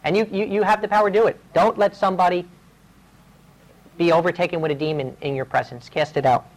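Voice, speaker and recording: A man's voice: sits high, steady tone, fast talker, poor audio. Male preacher, sermon voice, earnest storytelling, urgent delivery. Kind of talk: sermon with personal stories.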